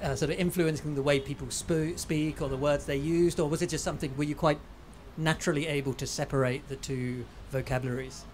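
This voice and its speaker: Male audience member, slightly high voice, hesitant question, faint background noise. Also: fairly even intonation, a little fast, few pauses, darkish tone. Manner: hesitant, apologetic, repeats words. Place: outdoor bookshop event.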